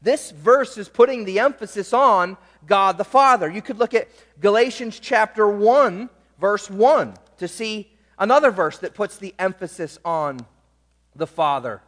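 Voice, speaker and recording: A man's voice: high-pitched, measured pace, fairly bright tone, big-room sound. A man preaching a sermon, emphatic, drawing out key words and checking in with the congregation. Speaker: pastor.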